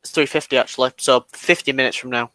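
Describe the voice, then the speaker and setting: An easygoing British man talks casually on a podcast, his voice sitting at an ordinary middle pitch. The sound is dry and close, with no room around it. He rambles along in a talkative, relaxed way. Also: quick pace, no echo. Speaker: podcast co-host and story reader. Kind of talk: casual chat.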